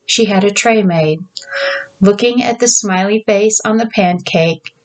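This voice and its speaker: A woman author reads her own story aloud at a slow, unhurried pace. Her narration is measured and deliberate, with a mid-pitched voice. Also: low-quality recording. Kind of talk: story reading.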